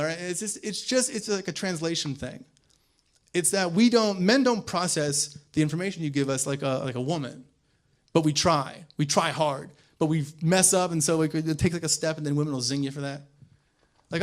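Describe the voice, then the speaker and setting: Stand-up comic, young man, slightly high voice, quick delivery that jumps into loud acted-out characters. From American South. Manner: quick, animated, acts out voices with sudden loud bursts. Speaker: stand-up comedian. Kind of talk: stand-up set. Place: comedy club stage.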